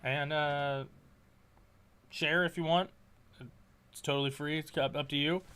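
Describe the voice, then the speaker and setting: A man's voice: fairly high pitch, level tone, unhurried, fairly bright tone, smooth. Blunt man signing off a sports show. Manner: blunt opinions, stumbling through sign-off. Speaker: co-host. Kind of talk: casual sports chat with show sign-off.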